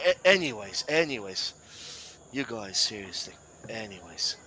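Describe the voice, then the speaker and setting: A man's voice: mid-range voice, normal speed, slight background noise. A man commentating live football, chatty and playful, whose first language is Spanish. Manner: chatty, playful, rising to excited shouts at big moments.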